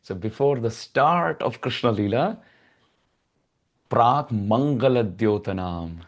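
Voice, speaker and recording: A man giving a devotional discourse, telling sacred stories with lively expression and reciting Sanskrit verses. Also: mid-range voice, takes it slowly. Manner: animated storyteller, acts out baby voices and chants Sanskrit verses. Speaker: spiritual speaker.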